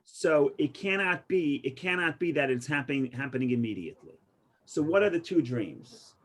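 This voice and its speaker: Male rabbi, informal lesson, lively storyteller, fairly high voice, stumbles and restarts, loud at punchlines. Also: normal speed. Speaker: rabbi teaching a Torah class. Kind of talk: informal Torah lesson with stories and jokes.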